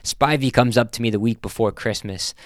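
Deadpan man reading a story. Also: medium pitch, a little fast, no room sound, studio quality. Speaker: narrator. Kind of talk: first-person story reading.

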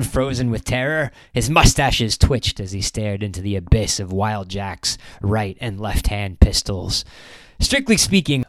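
A male audiobook narrator reading in a low-key, measured way at a middle pitch. The recording is close and dry, with no room sound. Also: fairly bright tone, no echo. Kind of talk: scripted narration.

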